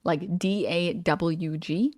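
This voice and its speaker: A woman's voice: fairly low pitch, slow, dry recording. Woman streamer, blunt and swear-happy. Dry close sound. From New York. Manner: blunt, animated, swears freely. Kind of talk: casual reaction stream chat.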